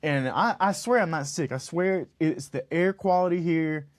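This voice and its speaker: A man's voice: fairly high pitch, moderate pace. A stuffy-nosed man co-hosting a casual podcast, rambling and joking. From lives in Utah, lived in Los Angeles. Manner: animated, rambling, jokey. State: congested. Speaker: podcast co-host.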